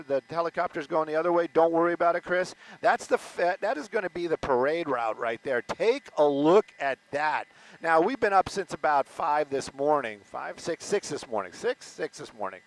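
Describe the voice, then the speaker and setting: A man's voice: a little high, normal speed, a little hiss or hum, rough recording. A man doing loose, rambling live commentary as a helicopter news reporter, often stopping and restarting mid-sentence. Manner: loose, rambling, self-interrupting. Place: news helicopter over a stadium.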